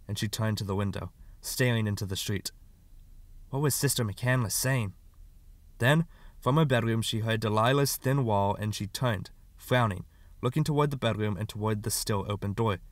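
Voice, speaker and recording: A man reading a short story aloud as an audiobook narrator, calm and measured. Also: on the low side, no echo.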